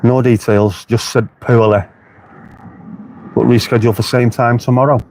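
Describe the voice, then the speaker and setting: A man's voice: mid-range voice, steady tone, moderate pace, a little mellow. A man chatting casually to his live-stream viewers outdoors by the beach, swearing freely and answering their comments. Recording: faint street noise behind the voice. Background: passing traffic.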